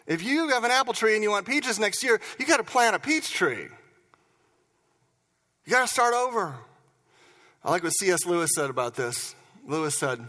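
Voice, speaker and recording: Older male pastor, bright forceful tone, slightly high, chatty animated sermon, hall reverb. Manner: conversational, animated storytelling with asides.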